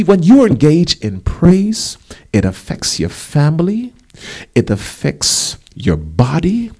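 A male pastor preaching a sermon, animated, with rising emphasis and casual asides. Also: mid-range voice.

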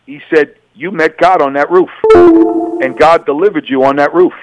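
A man's voice: fairly high pitch, moderate pace, over music, poor audio. A middle-aged man from New York giving a personal testimony as a radio interview guest, telling his story and acting out both sides of the dialogue.

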